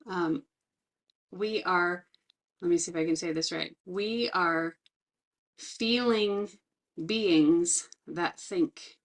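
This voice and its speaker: A middle-aged woman trainer, speaking in an earnest, reflective way about her own life and teaching skills, slowing down to stress key words. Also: on the low side. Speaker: resilience trainer. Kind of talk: personal talk with teaching.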